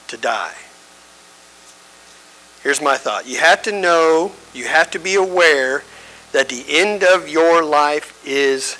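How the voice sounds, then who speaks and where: Bright-voiced man teaching Bible study. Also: fairly high pitch, rough recording. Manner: conversational, emphatic, checks in with the audience. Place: church.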